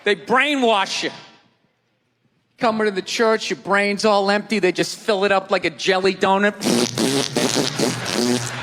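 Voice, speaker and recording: A man's voice: high voice, lively intonation, a little slow, creaky, pauses often. A man doing stand-up comedy on a theater stage, ranting in a profane, incredulous way. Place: large theater stage with live audience. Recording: theater reverb, crowd noise.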